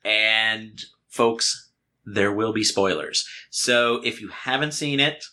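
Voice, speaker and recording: A man's voice: fairly low pitch, slow pace, sharp tone. A man from Pennsylvania co-hosting a casual podcast chat at home, joking, teasing and laughing often. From Pennsylvania, USA. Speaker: podcast co-host. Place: home dining room. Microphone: two hosts sharing one microphone.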